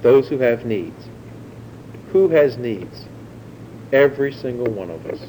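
A man's voice: medium pitch, lively intonation, measured pace, warm tone, a little hiss or hum, low-quality recording. A man preaching a sermon, teaching in a conversational way and putting questions to his listeners.

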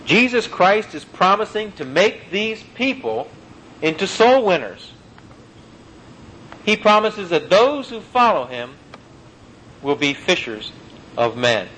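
A man preaching with a fairly high voice, pressing hard on his key phrases and letting them sink slow and low. He weaves folksy personal stories into the sermon, and a faint hum of noise sits underneath. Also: very animated, fairly bright tone, low-quality recording. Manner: emphatic, slows and drops low on key phrases, folksy anecdotes.

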